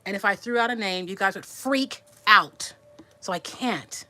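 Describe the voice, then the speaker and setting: Resting after surgery, a vlogger in her sixties rambles chattily through a personal story, restarting words and responding to viewer comments. She speaks a little slowly in a mid-range voice that sounds pushed and bright.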